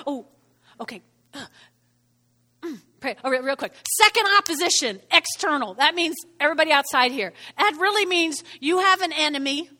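A woman preaching an animated sermon, calling out to the congregation and repeating her phrases. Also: high voice, in a large hall. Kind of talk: lively sermon.

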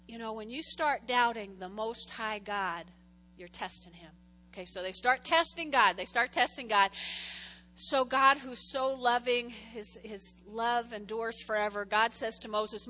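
High, bright-voiced woman preaching. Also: unhurried. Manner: animated, chatty storytelling that jumps between hushed asides and loud exclamations. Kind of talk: casual Bible-teaching sermon.

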